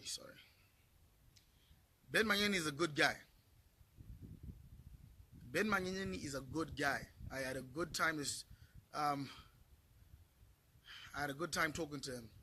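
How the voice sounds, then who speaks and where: A man's voice: on the high side, bright, forceful tone, slightly rough. A middle-aged man from Zimbabwe ranting to camera in a vlog, profane, repetitive and heated. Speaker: vlogger. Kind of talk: angry rant to camera.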